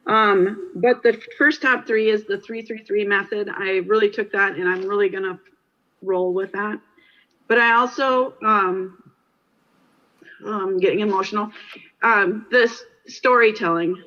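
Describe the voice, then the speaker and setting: A woman's voice: mid-range voice, fairly even intonation, measured pace. A woman giving an emotional testimony at a conference, hesitant with many fillers. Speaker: conference attendee speaking on stage. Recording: muffled archive audio.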